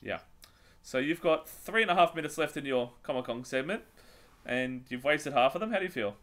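Male podcast host, animated and joking, a little high, bright tone. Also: brisk. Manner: animated, joking, steers the topics. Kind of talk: casual chat.

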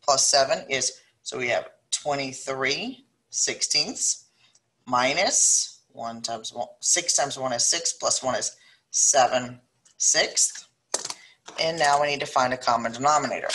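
A middle-aged woman with a South Louisiana accent teaches a recorded math lesson. Her voice is bright and clear. She works the problems aloud, thinking as she goes and slowing down to spell out the numbers. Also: rumbling low, expressive. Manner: thinks aloud, slows down when dictating numbers.

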